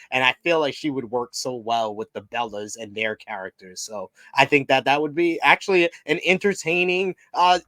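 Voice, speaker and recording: A man's voice: on the high side, a bit bright, no echo. Easygoing man on a dry podcast mic. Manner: easygoing, hedging with "I feel like". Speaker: podcast co-host. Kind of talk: casual wrestling podcast chat.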